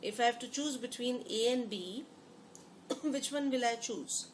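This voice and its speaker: A woman's voice: fairly high pitch, unhurried, slight background noise. A woman teaching a lesson. She often repeats phrases and puts questions to her students. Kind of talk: lecture explaining to students.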